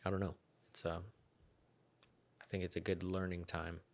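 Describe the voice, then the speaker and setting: A man's voice: low voice, completely flat delivery, moderate pace. A young man hosting a podcast, chatting casually in a rambling, laid-back way with frequent swearing and laughter. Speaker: podcast host. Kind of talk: casual chat.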